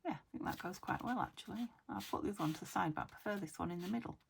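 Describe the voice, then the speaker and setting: A woman's voice: on the low side, rapid-fire, creaky, a little hiss or hum. A woman casually chatting to herself as she works on a junk journal, thinking aloud and often slipping into a whisper. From United Kingdom. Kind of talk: casual crafting chat.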